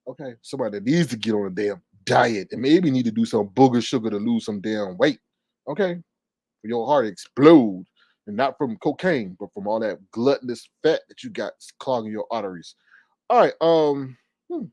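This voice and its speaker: A man doing a live commentary rant, fast-talking and sassy, slipping into mocking impressions. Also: mid-range voice, expressive, a little mellow, no room sound. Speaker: commentary streamer.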